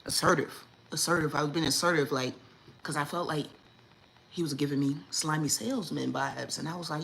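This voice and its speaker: A woman, hosting a casual livestream chat and telling stories in a lively, indignant way, acting out what people said. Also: deep voice, fairly quick, creaky, a little hiss or hum, poor audio. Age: 40s. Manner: animated storytelling, acts out quotes, lively and indignant. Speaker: livestream host.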